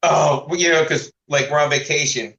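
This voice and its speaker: Man, comedy co-host, rambling storyteller, bright tone, echoey room. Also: a little high, normal speed, vocal fry. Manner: rambling, animated storytelling with impressions. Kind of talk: casual comedy talk.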